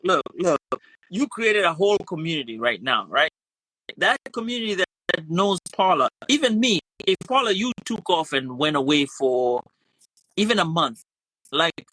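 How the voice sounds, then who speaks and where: A man's voice: on the high side, pushed and bright, no room sound, low-quality recording. A man co-hosting a podcast in casual chat, speaking in an encouraging, conversational way. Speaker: podcast co-host. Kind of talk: casual live-stream chat.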